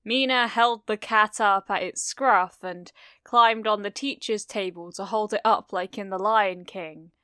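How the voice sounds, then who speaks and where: Woman, story reader, slow, crisp tone, dry close mic, light character voices. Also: medium pitch, steady tone, sharp tone, no room sound. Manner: reads each character in a lightly changed voice. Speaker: fanfiction reader.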